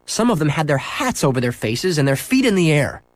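A man reading a children's book aloud, expressive and acting out the sound effects. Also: on the high side, brisk, no echo. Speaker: storyteller.

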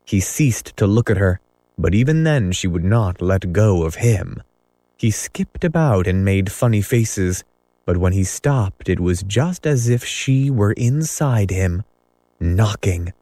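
A man narrates a classic storybook at an unhurried pace, his voice low and mellow. Recorded dry and close. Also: expressive, no echo. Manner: measured storytelling. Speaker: audiobook narrator. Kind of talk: scripted narration.

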